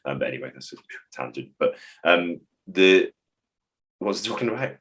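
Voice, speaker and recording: Brit guy, really low voice, rambly and thoughtful, podcast chat. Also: expressive, normal speed, fairly bright tone. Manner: reflective, digressive, acts out phrases. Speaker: behaviour support trainer. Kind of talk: podcast conversation.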